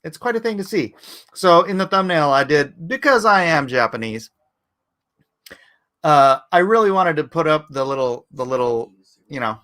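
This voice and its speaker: A man's voice: fairly high pitch, animated, normal speed, bright, forceful tone. A man hosting a live stream, chatting casually and rambling, who jokes and slips into goofy cartoon impressions. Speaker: host.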